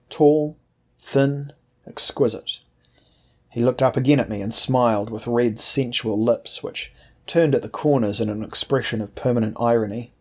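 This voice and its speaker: A man reading an audiobook in a measured, formal first-person storytelling manner. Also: medium pitch, darkish tone. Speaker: audiobook narrator. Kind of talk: scripted first-person narration.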